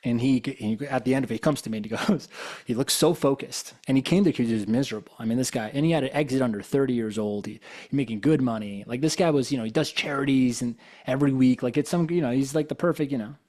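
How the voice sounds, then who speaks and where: A spiritual coach appearing as a guest speaker gives a casual live motivational talk, telling stories conversationally. His mid-range voice is a little mellow and fast; loose and informal, he acts out quoted dialogue and peppers everything with "you know."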